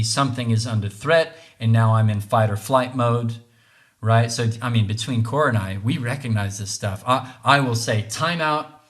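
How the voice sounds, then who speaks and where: An earnest man speaking as a podcast host, thinking aloud about relationships. He circles back, restarts his phrases and keeps checking in with a quick "right?". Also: fairly low pitch. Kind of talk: reflective monologue on relationships.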